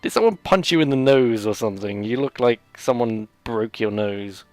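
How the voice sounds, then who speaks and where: A man's voice: mid-range voice, expressive, normal speed, darkish tone, no echo, faint music behind. Rambling, sarcastic male let's play host. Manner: rambling, sarcastic, jokey asides. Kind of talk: gameplay commentary.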